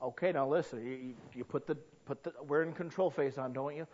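A man preaching a sermon as pastor, dramatic, dropping soft then bursting into shouts. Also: medium pitch, fairly quick, highs cut off.

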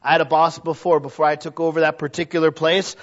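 A middle-aged male pastor preaching a sermon in a church, talking conversationally and building to loud exhortation. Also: on the high side, little pitch movement, fast. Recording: dull lo-fi recording.

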